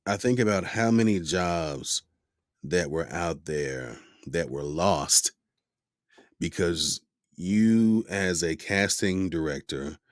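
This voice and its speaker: A man hosting a podcast interview in casual chat, lively and fond of mimicking voices in his stories. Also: sits low, no echo, clean studio sound. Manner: animated, mimics voices in anecdotes. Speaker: podcast host.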